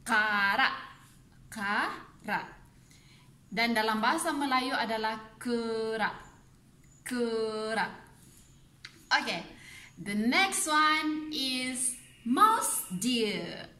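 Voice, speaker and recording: Young woman doing a chill language lesson, slow pace, echoey room. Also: a little high, sharp tone. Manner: repeats words slowly, mixes English and Malay, laughs at herself. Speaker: language teacher on a video channel.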